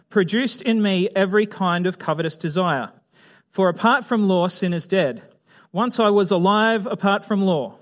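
A man giving a conversational Bible lesson in a fairly high voice. He talks casually and keeps asking his listeners questions. Now and then he acts out little scenes as he teaches. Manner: chatty, asks the audience questions, acts out voices. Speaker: preacher.

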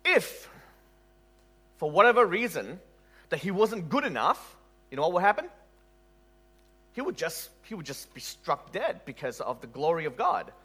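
A man preaching a sermon in an animated way, asking rhetorical questions and laughing at his own stories. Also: fairly high pitch, moderate pace, long pauses, slightly rough.

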